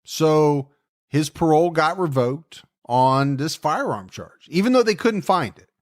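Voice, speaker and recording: A man's voice: a little high, expressive, unhurried. Man casually telling a true-crime story. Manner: jokey, conversational storytelling with asides. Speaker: podcast co-host.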